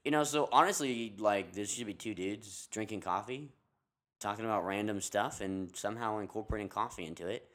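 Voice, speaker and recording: Young male co-host, lowish voice, laid-back and agreeable. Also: fairly quick, fairly bright tone. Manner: easygoing, laughs often, agreeable. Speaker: podcast co-host, wholesale manager. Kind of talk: casual chat. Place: outdoors by a parking lot.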